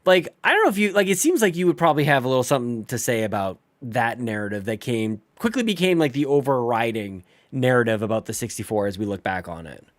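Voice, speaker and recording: A man's voice: mid-range voice, very animated, quick pace, few pauses, no echo. Wry man teasing in casual chat.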